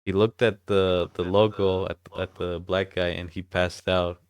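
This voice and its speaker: Low-voiced man, casual podcast chat. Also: flat delivery, measured pace, crowd noise. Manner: loose and profane, retells scenes with laughter. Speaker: podcast co-host.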